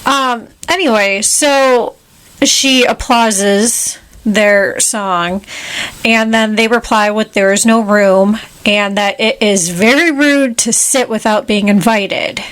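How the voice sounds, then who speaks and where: A woman's voice: medium pitch, slow, fairly bright tone. A woman co-hosting a podcast, casually recapping a film and quoting characters in playful voices. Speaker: podcast co-host.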